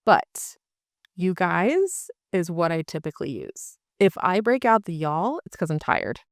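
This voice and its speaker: A woman's voice: lowish voice, big pitch swings, measured pace, dry recording, clean studio sound. A woman from Eastern Oklahoma with a light Oklahoma accent, explaining a topic to camera in a chatty way, with casual asides and fillers. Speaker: real estate agent and channel host.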